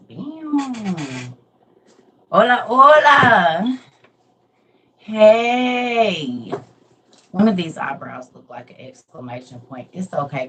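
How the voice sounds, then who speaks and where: A middle-aged woman with a deep voice hosts a casual livestream from home against a noisy background. An animated storyteller who laughs often, she shares stories before moving into a Bible message as the stream's host and teacher.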